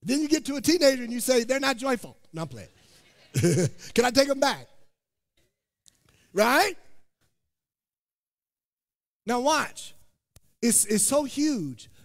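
High lively preacher guy joking with his church, big reverb-y hall. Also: slow pace, pauses often. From Indiana. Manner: animated, joking, calls out to the congregation. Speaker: pastor. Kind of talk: sermon. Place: church sanctuary.

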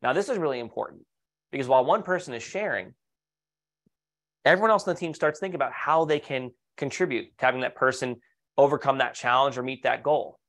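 A man's voice: medium pitch, fairly quick, fairly bright tone. A man giving an online webinar talk on leadership as a coach, upbeat and persuasive, with rhetorical questions and client stories. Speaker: leadership coach presenting to architects.

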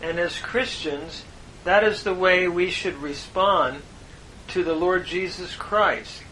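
A man teaching a Bible lesson on Hebrew grammar, explaining each word slowly and earnestly. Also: high-pitched, sharp tone, a little hiss or hum, rough recording. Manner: slow, deliberate explanation with earnest emphasis.

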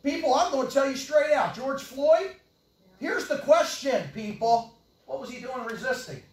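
An older man preaching a sermon with great passion, swinging from loud yelling to low mutters. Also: animated, normal speed. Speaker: pastor. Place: church hall. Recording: echoey church hall, from far off.

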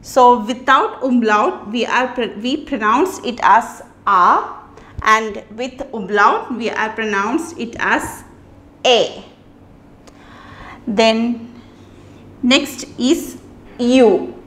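Slow-paced teacher woman, echoey room. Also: on the high side, fairly bright tone. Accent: Indian English. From India. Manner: slow, repeats each word twice, pauses between phrases. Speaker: language teacher. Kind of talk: slow classroom lesson on pronunciation.

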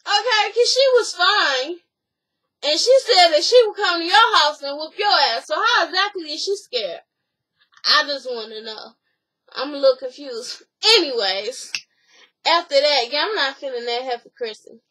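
A high-pitched woman hosts a casual recap vlog. Her voice is bright and animated, and she swears freely as she talks. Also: normal speed. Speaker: YouTube recap host. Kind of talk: casual reality-show recap.

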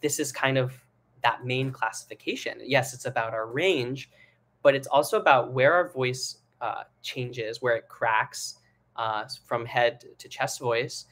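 Young male singing coach, mid pitch, relaxed rambling delivery with fillers. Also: measured pace. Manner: relaxed, rambling explanations with many fillers, breaks into sung and head-voice demos. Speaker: singing teacher. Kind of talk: live online singing lesson.

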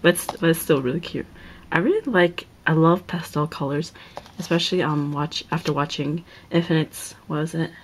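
A young woman chats through an excited unboxing, her voice sitting a little low for a woman. She gushes constantly and now and then drops to a breathy whisper. A faint hiss runs underneath the recording. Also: normal speed, poor audio. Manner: gushing, keeps repeating oh my god, drops into whispers. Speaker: unboxing vlogger. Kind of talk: excited casual unboxing chat.

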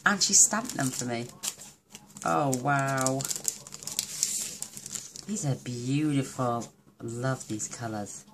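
A woman hosting a crafting video, opening cards in a casual chat and gushing over them with warm affection. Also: very deep voice, slow pace, long pauses, noisy background.

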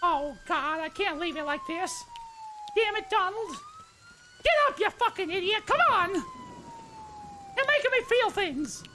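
A man voicing a vulgar, cocky male cartoon mouse in a squeaky falsetto, trash-talking through a comedic game role-play. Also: wildly swooping pitch, slow pace, pauses often, noisy background, full character voice. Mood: mock-grieving. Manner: brash, trash-talking, mock-dramatic.

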